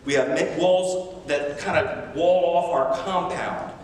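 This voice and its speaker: Animated preacher in an echoey hall. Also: male voice, fairly high pitch, slow, recorded from a distance. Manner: animated, emphatic, self-deprecating humor. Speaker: missionary preacher. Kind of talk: sermon. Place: large church sanctuary. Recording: echoey church hall from afar.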